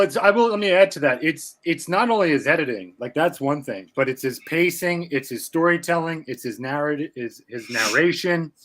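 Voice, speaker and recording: A man's voice: a little high, a bit bright. A man co-hosting a casual live-stream chat, joking and teasing with boastful banter. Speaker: podcast co-host.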